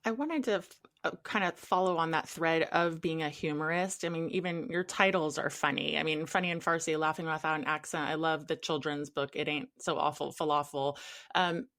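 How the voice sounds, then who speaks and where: A woman's voice: low-pitched, fairly even intonation, a little fast, fairly bright tone. A woman co-hosting a podcast, asking questions in a tentative way, thinking aloud as she goes. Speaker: podcast co-host. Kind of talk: interview questions.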